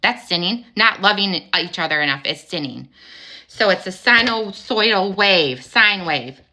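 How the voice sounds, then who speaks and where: A woman speaking to her viewers in a heated spiritual monologue, her bright, forceful voice pressing every point. She swears casually and keeps hammering rhetorical questions, voice pitched in an ordinary middle range. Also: animated, a little slow, a little hiss or hum. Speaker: spiritual vlogger. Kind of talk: angry spiritual monologue to camera.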